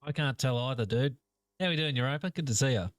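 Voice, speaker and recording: A man's voice: mid-range voice, quick pace, no echo, clean studio sound. Laid-back man streaming a game. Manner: laid-back, chatty, addresses viewers directly. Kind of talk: casual gaming commentary to chat.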